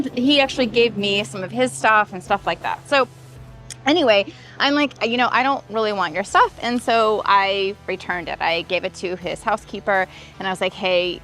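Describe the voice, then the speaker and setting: Animated woman telling a personal story. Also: medium pitch, moderate pace, soft background music. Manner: animated, acts out quoted exchanges, emphatic lists. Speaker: relationship coach. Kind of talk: personal vlog storytelling with advice.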